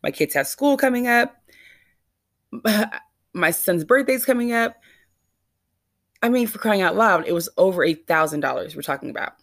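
A woman's voice: mid-range voice, expressive, moderate pace, pauses often, a bit bright, no room sound, studio quality. A woman vlogger telling a rambling, anxious, self-questioning story straight to her viewers. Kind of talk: casual confessional storytelling.

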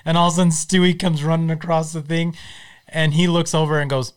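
A man's voice: fairly high pitch, steady tone, brisk, clear, resonant tone. A man co-hosting a casual podcast chat, retelling cartoon scenes and laughing at his own stories. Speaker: podcast co-host.

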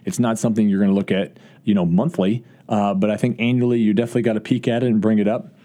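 A college football coach with a lowish, warm voice talks fast with fairly even intonation during a podcast interview. He answers earnestly but often restarts and uses fillers.

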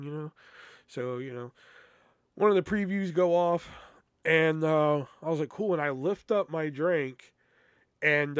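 A young man with a slightly high voice tells a rambling string of bad-luck stories. His delivery is loose, profane and exasperated. The sound is dry and close, with no room around it. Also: dry recording. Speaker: podcast host. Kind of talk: casual storytelling.

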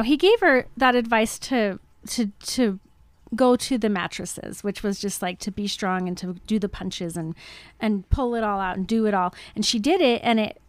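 A woman's voice: medium pitch, clear, resonant tone, no room sound. A woman casually recapping a film in a chatty talk show, acting out the scenes in quoted voices. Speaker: podcast co-host.

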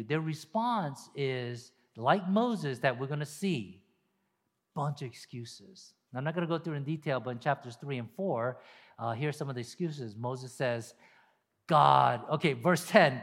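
A man preaching a sermon to a camera, animated and acting out people's excuses in quoted voices. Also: fairly high pitch, moderate pace, big-room sound. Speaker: pastor. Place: empty room with long reverb.

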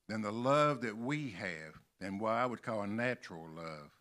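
An older man from Kentucky preaching a sermon in a church, slowly stressing and repeating key words. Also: fairly low pitch, lively intonation, pushed and bright. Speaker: pastor. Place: church sanctuary.

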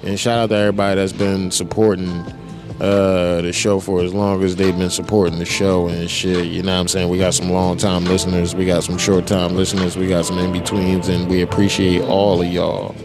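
A man's voice: sits low, flat delivery, brisk, over music. A man hosting a podcast in a casual political rant, profane, emphatic and rambling. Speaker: podcast host.

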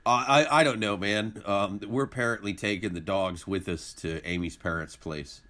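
A man's voice: lowish voice, moderate pace, fairly bright tone. A man co-hosting a podcast, sounding stuffed-up and congested, talking casually with frequent false starts. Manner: hesitant, repeats words. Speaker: podcast co-host.

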